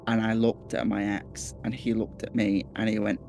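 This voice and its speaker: A man with a Liverpool accent, a podcast guest telling a story in a casual, animated way, repeating words and swearing now and then. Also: on the low side, normal speed, vocal fry, faint music behind. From Liverpool, England.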